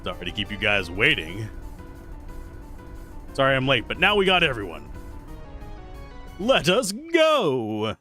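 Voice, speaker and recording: A man's voice: fairly low pitch, big pitch swings, normal speed, pauses often, pushed and bright, soft background music. A man streaming a game live, playfully reading dialogue aloud and joking about it.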